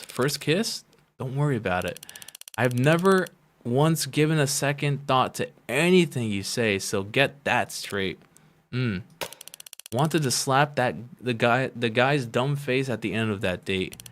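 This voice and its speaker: Guy reading visual novel lines out loud, doing the different characters, snarky, soft game music under it. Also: medium pitch. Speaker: streamer.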